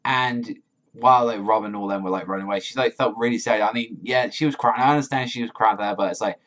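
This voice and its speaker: A man giving a casual chapter review, rambling with many "like"s, excitable and swearing freely. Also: fairly low pitch, quick pace. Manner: rambling, heavy use of "like"; profane, excitable. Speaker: manga reviewer.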